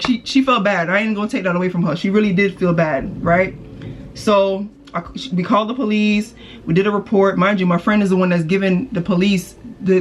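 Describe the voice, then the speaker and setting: A woman's voice: medium pitch, a little hiss or hum. A woman casually telling a personal story on her channel, swearing freely and acting out the people she quotes, while doing her makeup. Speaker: vlogger.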